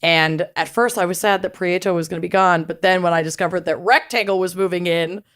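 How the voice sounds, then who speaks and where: A woman's voice: on the low side, fairly even intonation, fairly quick, a bit bright, smooth. Enthusiastic woman podcast co-host. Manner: enthusiastic, swearing, laughing often. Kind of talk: casual chat.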